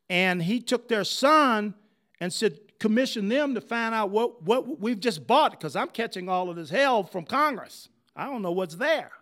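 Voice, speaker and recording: Lively older man telling history. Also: high-pitched. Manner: animated, conversational, asks the audience questions. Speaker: history speaker. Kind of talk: digressive storytelling history talk.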